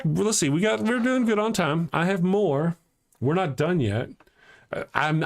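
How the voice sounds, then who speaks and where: A man hosting a live-streamed talk show, ranting heatedly and answering chat comments aloud from home. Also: mid-range voice.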